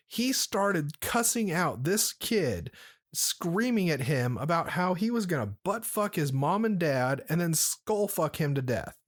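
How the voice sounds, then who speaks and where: A man with a somewhat high voice hosts a casual podcast, rambling through a story with plenty of swearing. He talks loosely and lazily while he drinks, drifting off point and circling back. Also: animated, slow pace. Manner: rambling, profane, laid-back. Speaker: podcast host.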